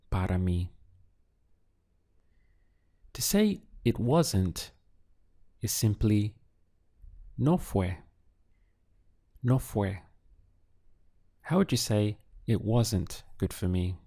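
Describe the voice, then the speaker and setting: A male teacher speaks in an unhurried, measured way, posing a phrase to translate and then calmly supplying the answer. His voice sits low and has a dark, mellow tone. He sometimes splits words into syllables for practice. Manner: poses prompts, pauses, then gives answers syllable by syllable. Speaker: language teacher. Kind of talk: slow, deliberate audio language lesson.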